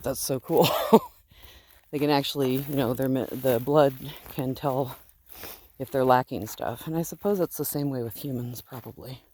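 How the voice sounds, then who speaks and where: With an extremely low, mellow voice, a sheep-raising fiber farm owner chats affectionately as she walks outdoors on her land. Her vlog talk is casual and slightly rambling, sprinkled with fillers.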